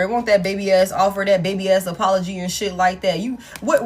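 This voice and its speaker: A woman, giving a live tarot reading in blunt, profane, animated street talk. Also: medium pitch, fast talker, husky. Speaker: tarot reader.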